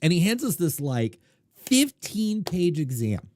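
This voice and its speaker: A middle-aged man talks casually to his listeners as a podcast host. His pitch jumps around a lot, and he gets loud and then drops low. The close mic sounds dry, with no room echo. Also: a little slow. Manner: animated, conversational, swings loud and quiet. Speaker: podcast host, poker coach. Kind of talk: casual storytelling monologue.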